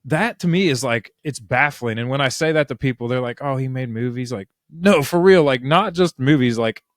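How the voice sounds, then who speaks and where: Male podcast host, eager and chatty, mid-pitched, dry close mic. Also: animated, moderate pace, no echo. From Ohio. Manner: chatty, eager reactions and questions. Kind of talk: casual interview chat.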